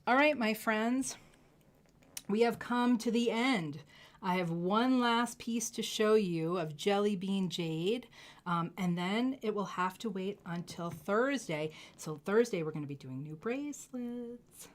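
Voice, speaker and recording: A woman hosting a live jewelry sales stream, gushing effusively over each piece and dropping into soft asides. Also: medium pitch, a little slow. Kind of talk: live shopping stream presentation.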